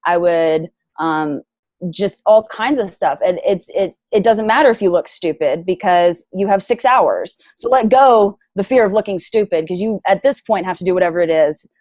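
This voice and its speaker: A young adult woman speaking as an interview guest, frank and lively in casual chat. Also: fairly low pitch, normal speed, no room sound. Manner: frank and lively, plays devil's advocate.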